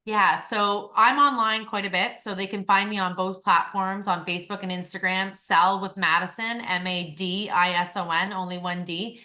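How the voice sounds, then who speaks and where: A bright, forceful-sounding woman chats as a guest on a call-in podcast. She talks in an animated, casual way, piling on fillers as she explains her work in real estate. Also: mid-range voice, normal speed, few pauses. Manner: chatty and animated, filler-heavy. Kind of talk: casual interview chat.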